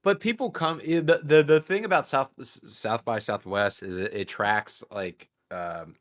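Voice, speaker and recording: A man guesting on a comedy talk show, chatting in a rambling, animated way. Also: mid-range voice, measured pace.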